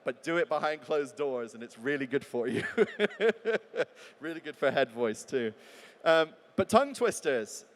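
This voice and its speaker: A man's voice: on the high side, animated, measured pace. A man giving a live talk as a voice actor, chatty and joking, acting out example readings. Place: large talk venue. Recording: long hall reverb.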